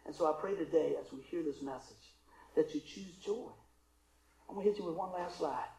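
A man preaching a sermon as pastor, swinging between loud calls and hushed asides. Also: on the high side, fairly quick, creaky, echoey room, a little hiss or hum, rough recording. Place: church sanctuary.

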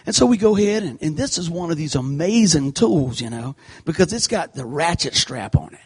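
A man giving an animated sermon, telling a folksy personal story and acting out the scenes. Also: on the high side, brisk, breathy edge. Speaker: church speaker. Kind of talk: sermon told through a comic personal story.

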